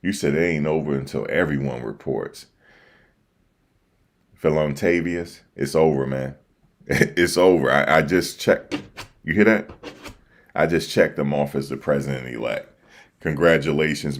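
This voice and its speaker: Super deep east coast guy chatting on his stream, slangy, says stuff over and over. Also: measured pace. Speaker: livestream host reacting to election results. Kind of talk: casual livestream chat. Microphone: desk microphone.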